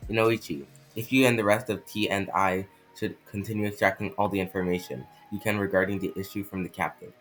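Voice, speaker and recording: A man playing a measured old leader, speaking low with a slight French accent and stumbling over words. Faint music plays under the voice. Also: fairly even intonation, a bit bright. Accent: put-on French accent. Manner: stumbling, halting reading with restarts. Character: old male village leader, calm and measured.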